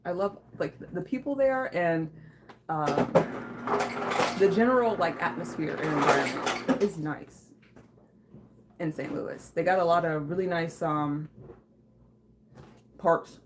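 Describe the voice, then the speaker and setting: A woman hosts a casual livestream from her home kitchen, reading viewer comments and chatting loosely, laughing and swearing with lots of fillers. Her voice is on the low side and slow, with frequent pauses and background noise.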